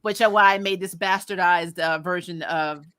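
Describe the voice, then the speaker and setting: A woman with a Midwestern-meets-Southern American accent hosting a casual review chat, animated and swearing freely. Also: fairly low pitch, normal speed, clear, resonant tone. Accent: Midwestern and Southern US mix. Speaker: channel host.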